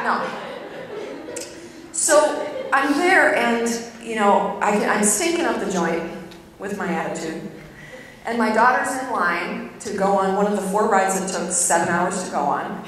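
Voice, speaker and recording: Middle-aged lady preaching w jokes, lively storyteller, big echoey church hall, faint room hum. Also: fairly high pitch, unhurried. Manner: animated storytelling, bursts of mock anger and laughter. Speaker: guest speaker at a church service. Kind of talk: humorous sermon with personal story. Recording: echoey hall recorded from far off.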